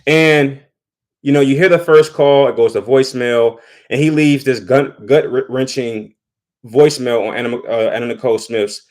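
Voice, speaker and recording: Brief: a man of medium pitch, chatty vlogger commentary, loose restarts. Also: moderate pace, darkish tone. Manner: conversational, repeats words while thinking. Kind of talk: casual commentary.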